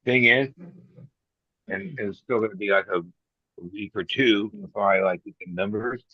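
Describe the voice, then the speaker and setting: A man's voice: on the low side, animated, moderate pace, husky, dry recording, lo-fi sound. A man chatting casually as a guest on a stream, loose and swearing as he tells stories. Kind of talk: casual chat.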